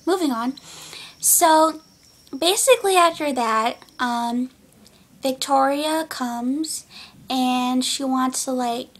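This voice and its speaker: A woman's voice: sits high, slow pace. A teenage girl casually recapping a movie in a giggly, rambling way, full of "like". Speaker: vlogger.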